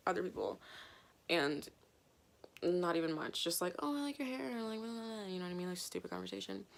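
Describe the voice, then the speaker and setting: This twenty-something Canadian woman has a lowish voice with vocal fry. Vlogging into a compact camera mic, she tells a loose, casual story filled with fillers and casual swearing.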